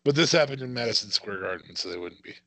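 A man's voice: medium pitch, expressive, quick pace, fairly bright tone, dry recording. A man co-hosting a casual wrestling watch-along podcast, reacting with exclamations. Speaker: podcast co-host.

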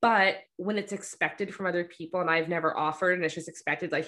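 A woman photographer with a slightly low voice, talking casually and bluntly. She jokes about herself as a smart aleck and acts out little exchanges with friends. Her tone stays chatty and frank. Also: steady tone, fairly quick, a bit bright. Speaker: photographer and podcast host. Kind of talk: casual podcast chat.

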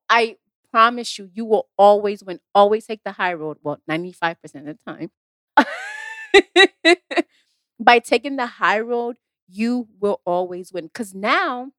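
A woman's voice: on the high side, fairly bright tone, dry recording. A woman talking about her acting career in a casual motivational talk, emphatic and repetitive, acting out the exchanges she quotes. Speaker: actress giving career advice.

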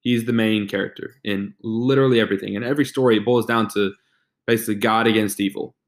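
A man's voice: lowish voice, steady tone, fast. A young man co-hosting a faith podcast, talking casually with many restarts and fillers. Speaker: podcast co-host.

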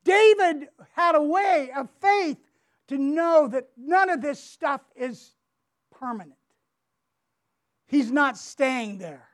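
High, unhurried woman teaching scripture. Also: animated. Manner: emphatic, repeats words and asks rhetorical questions; reads scripture aloud with feeling. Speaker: Bible teacher. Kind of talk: devotional teaching.

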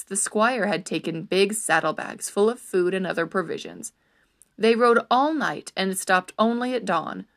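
A woman narrating a storybook in an expressive, animated storytelling manner. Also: mid-range voice.

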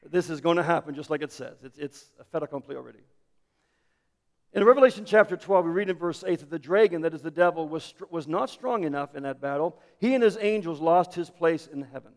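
Pastor guy preaching, high pitched, kinda gravelly, long echo like a big church. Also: fairly quick. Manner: dramatic storytelling, swings from loud to hushed. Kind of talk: sermon. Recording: hall reverb.

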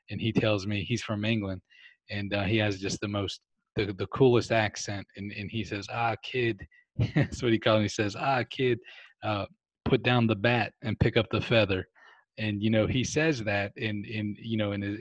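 A man's voice: lowish voice, no room sound. A man hosting a recovery podcast, talking earnestly with many restarts. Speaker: podcast host.

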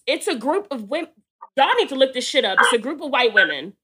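A woman's voice: sits high, sing-song, fast talker, a loud crowd. A woman hosting a podcast, chatting casually in a blunt, profane way and telling stories with laughter. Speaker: podcast host. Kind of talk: casual chat.

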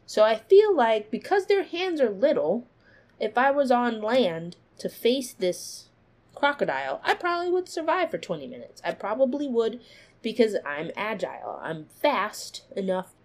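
A woman hosting a casual solo podcast, animated, laughing often and jumping into high exclaiming bursts. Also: measured pace. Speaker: podcast host.

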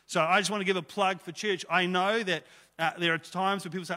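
Guy pastor giving a sermon, kinda high bright voice, chatty but punchy, church hall echo. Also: fairly even intonation, a little fast. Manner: conversational, emphatic preaching with rhetorical questions.

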